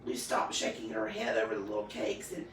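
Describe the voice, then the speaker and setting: A woman reading a children's story aloud in an expressive, animated way. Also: very deep voice, fairly quick, distant mic, a little hiss or hum. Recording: echoey room, voice off-mic.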